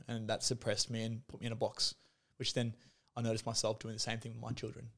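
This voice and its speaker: A man's voice: medium pitch, monotone, fast, vocal fry, a bit bright. A man in his thirties, speaking as a podcast guest in candid, conversational storytelling; he talks frankly, swears freely and leans on "like" and "you know". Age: 30s.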